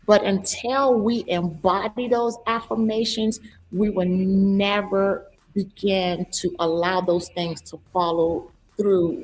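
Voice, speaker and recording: A woman's voice: medium pitch, slight background noise, low-quality recording. A woman hosting an interview as a coach over a video call. She speaks in an affirming way and keeps murmuring agreement. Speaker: host and coach. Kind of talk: casual interview chat.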